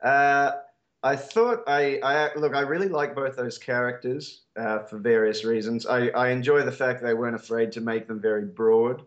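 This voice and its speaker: A man's voice: medium pitch, steady tone, moderate pace, lo-fi sound. A man with an Australian accent in casual podcast chat, talking with many fillers and restarts.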